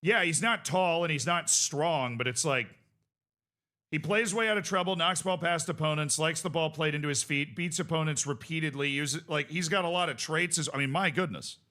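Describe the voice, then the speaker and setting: A man streaming a football management game, calling the match play-by-play and shouting in excitement. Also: a little high, normal speed. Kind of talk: live gameplay commentary.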